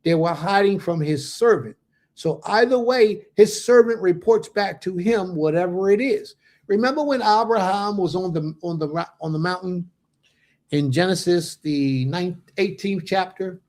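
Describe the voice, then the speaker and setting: A man's voice: high-pitched, darkish tone. A man giving a casual livestream Bible lesson, speaking directly to his viewers in an informal, slangy way. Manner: conversational, talks to viewers directly. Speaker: Bible teacher.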